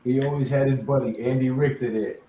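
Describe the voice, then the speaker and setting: A man with a mid-range voice jokes dryly about the game during a live stream. His voice sounds roomy, with clear noise behind it. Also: mid-range voice, steady tone, brisk, warm tone, distant mic, dull audio. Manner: wry, joking commentary. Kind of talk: casual banter on a live watch-along stream.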